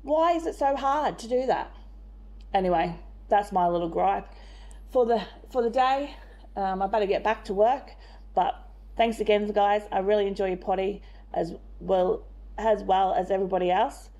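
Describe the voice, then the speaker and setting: A woman leaving a casual voice message for a podcast, airing a friendly gripe. Her voice is mellow and warm, at a middling pitch for a woman. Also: normal speed. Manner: friendly griping. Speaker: listener sending a voice message.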